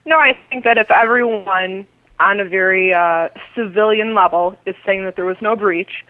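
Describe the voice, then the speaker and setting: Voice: mid-range voice, moderate pace, no echo. A caller on a call-in talk show, making a long-winded, earnest argument. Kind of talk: call-in discussion. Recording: phone line.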